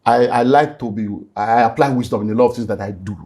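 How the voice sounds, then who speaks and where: A man's voice: mid-range voice, fast, mellow. A middle-aged man with a Nigerian accent, a pastor giving an emotional personal testimony as a guest and slipping into Pidgin. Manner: earnest, slips into Nigerian Pidgin.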